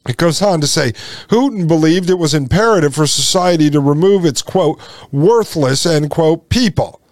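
A man's voice: on the high side, animated, normal speed, a little mellow, no echo. Sarcastic male podcast host, dry sound. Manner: sarcastic, mocks with put-on voices. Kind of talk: commentary reading aloud from a text.

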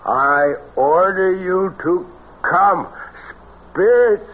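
An actor playing a fake mystic who intones slowly and commandingly, in 1940s radio acting style, on a tinny, hissy old radio recording. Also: male voice, sits high, breathy edge, exaggerated voice. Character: solemn fake mystic man in a trance.

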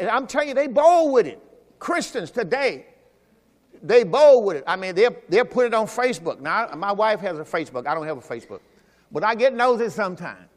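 During a Sunday service, a high-voiced pastor preaches a sermon, his words ringing out with long reverb through the church hall. Working through scripture, he swings between loud, pressing exhortation and low, confiding asides.

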